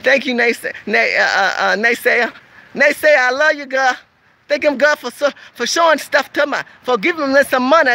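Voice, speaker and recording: A woman's voice: sits high, moderate pace, gravelly, pushed and bright, low-quality recording. A woman from California hosting a casual livestream, talking emphatically and repetitively straight to her viewers as she reads their comments.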